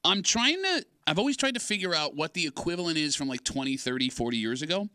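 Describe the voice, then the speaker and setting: Radio host, man, high bright voice, lively and fast, brash joking. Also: clean tone, dry recording, clean studio sound. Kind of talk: casual morning radio banter.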